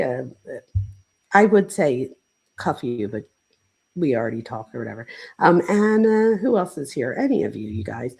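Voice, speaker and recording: A chatty woman hosting a casual livestream, talking straight to her viewers and peppering her sentences with "like." Her voice is gravelly, with a husky edge. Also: on the low side, mellow, poor audio. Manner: chatty, talks straight to viewers, many "like" fillers. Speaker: host and professor reading live chat.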